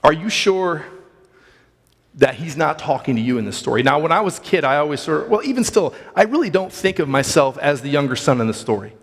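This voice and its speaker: Earnest preacher in a reverberant church. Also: male voice, fairly high pitch, sing-song, brisk. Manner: earnest, restarts phrases, asks rhetorical questions. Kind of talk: sermon reading and reflection. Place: church sanctuary.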